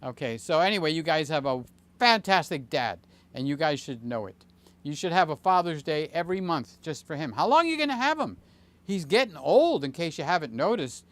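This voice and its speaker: A man in his late sixties hosting a casual livestream, chatting in a rambling, jokey way with many fillers and sudden excited jumps. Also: fairly high pitch, fairly quick. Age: 60s. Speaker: channel host.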